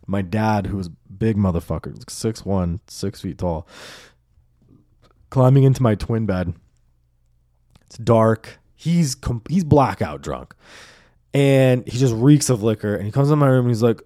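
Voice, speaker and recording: Mellow, low-voiced man rambling casually. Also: expressive, moderate pace, no room sound, studio quality. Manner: casual, profane, rambling with many fillers. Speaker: podcast host. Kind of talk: solo podcast monologue.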